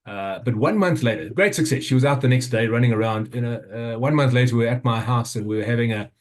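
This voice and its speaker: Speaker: South African man in his fifties, earnest storytelling talk, hesitant with repeated restarts, mid-pitched voice. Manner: earnest, halting, many restarts and fillers. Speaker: summit speaker.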